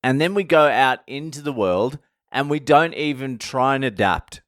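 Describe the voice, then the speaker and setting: An Australian man tells a story in a loose, profanity-laden vlog rant, often laughing at himself. His voice is smooth and resonant at a middling pitch. The recording is close and dry, with almost no room sound. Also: normal speed, dry recording. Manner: sweary, animated, laughing at himself. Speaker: vlogger. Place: indoors, at home.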